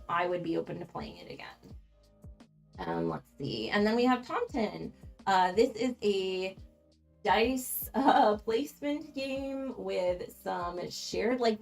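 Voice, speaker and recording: A woman's voice: medium pitch, vocal fry. A woman hosting a casual board game livestream, talking frankly with frequent ums and little laughs. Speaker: board game channel host.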